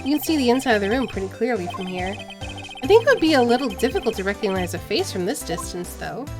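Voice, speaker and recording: A woman's voice: fairly high pitch, big pitch swings, fast talker, music in the background. A woman voicing a young male defense lawyer, earnest and easily flustered, stumbling over his words.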